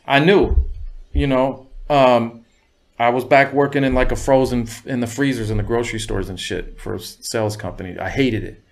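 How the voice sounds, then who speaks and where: A man's voice: medium pitch, steady tone, moderate pace. Laid-back, cursing man telling stories. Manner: laid-back, profane, full of "you know what I mean". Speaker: guest, music producer. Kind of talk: casual storytelling.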